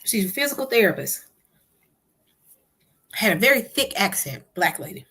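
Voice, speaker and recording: A woman's voice: mid-range voice, big pitch swings, moderate pace, bright, forceful tone, breathy edge. A woman hosting a live stream, chatting casually and retelling a conversation to her listeners. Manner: chatty, addresses listeners as "y'all". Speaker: host.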